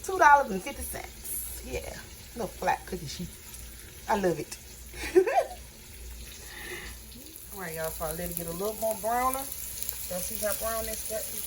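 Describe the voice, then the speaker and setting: Casual home cook, woman, chatty and folksy, keeps talking to the viewers as y'all; middle-pitched voice with frying and sizzling clearly heard behind her. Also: lively intonation, a little fast. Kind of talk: casual cooking vlog. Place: home kitchen with frying on the stove. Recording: noisy kitchen recording. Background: sizzling pan and running tap.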